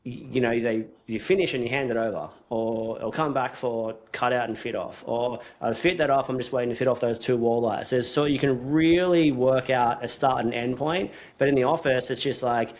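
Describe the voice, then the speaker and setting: A man's voice: mid-range voice, moderate pace, few pauses. A man hosting a casual podcast chat, thinking aloud in long, rambling runs that restart mid-sentence. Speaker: podcast host.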